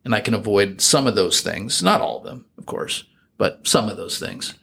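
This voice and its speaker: A man's voice: on the low side, lively intonation, normal speed, vocal fry, a bit bright, slightly rough. Man, American accent, middle-aged, interview guest, reflective, rambling. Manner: reflective, rambling with frequent fillers and restarts. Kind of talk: casual interview chat.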